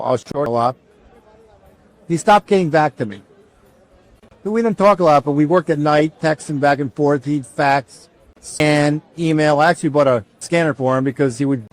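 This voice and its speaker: A man speaking casually, in a voice a little higher than most men's, as he recounts a personal story. He acts out the conversation, voicing each side and often restarting his sentences. The recording is dry and close, with no room sound. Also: no echo. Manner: animated, acts out both sides of a dialogue, restarts often. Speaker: company founder telling his story.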